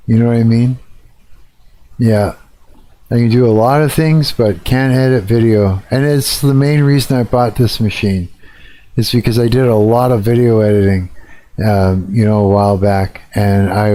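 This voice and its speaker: A man's voice: mid-range voice, a little mellow. A man live streaming, ranting and swearing in a casual chat with his viewers.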